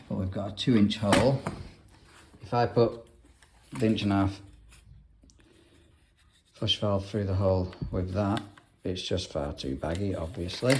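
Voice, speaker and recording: A man's voice: sits low, background noise. A young English man, a plumber, talking casually through his work in a bathroom, with dry grumbling asides. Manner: chatty, dry grumbling asides while working. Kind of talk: casual work vlog narration. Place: indoor bathroom on a job.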